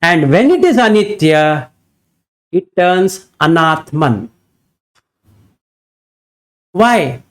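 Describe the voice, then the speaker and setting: A man's voice: sits high, lively intonation, slow, pauses often. A man teaching in an emphatic dharma talk, firing off rhetorical questions to his listeners.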